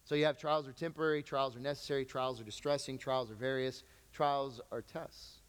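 A man's voice: mid-range voice, fairly even intonation, a little fast, clean tone. A man preaching a sermon in a conversational way, acting out little quoted reactions as he explains scripture. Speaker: pastor. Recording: long hall reverb.

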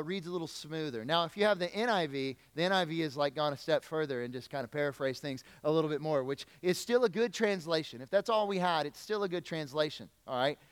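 A man's voice: on the high side, smooth, in a large hall. A man preaching a conversational sermon, talking directly to the congregation and asking them questions. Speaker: pastor. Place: church sanctuary.

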